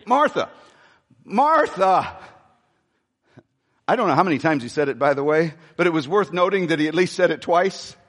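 A pastor preaching a sermon, animated and repeating his phrases, asking the congregation questions as he goes. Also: fairly high pitch, fast talker, hardly any pauses. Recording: reverberant church hall.

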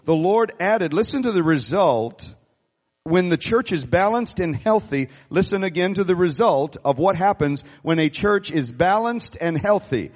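A man preaching a sermon as pastor, animated and calling on the congregation to respond. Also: on the high side, in a large hall. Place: church sanctuary.

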